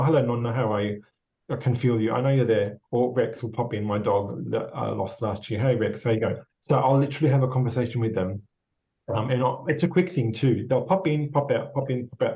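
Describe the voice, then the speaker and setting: A gravelly, warm, mid-range voice comes from an Australian man working as a psychic medium, casually reading for a guest. He is rambling and encouraging, repeating himself and using many fillers, captured in slightly dull lo-fi audio.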